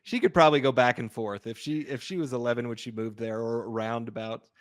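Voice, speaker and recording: Male podcast co-host, relaxed and agreeable casual film chat, average pitch. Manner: easygoing, agreeable, quick to laugh.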